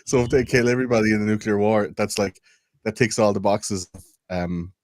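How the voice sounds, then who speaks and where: A man's voice: on the low side, brisk, no echo. A man co-hosting a podcast in casual chat, rambling and swearing with many fillers. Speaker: podcast co-host.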